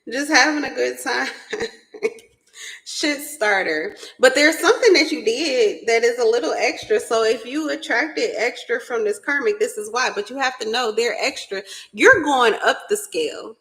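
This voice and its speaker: Giggly, blunt, slightly high-voiced woman. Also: moderate pace, fairly bright tone, rough recording. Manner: giggly, keeps breaking into laughter; blunt and profane. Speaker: spiritual reader. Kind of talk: casual tarot reading chat.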